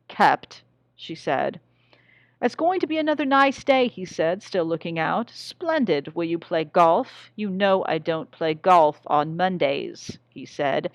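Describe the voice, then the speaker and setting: A young woman reading a short story aloud in a measured, even way, keeping the dialogue quiet. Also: on the low side, dry recording. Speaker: reader.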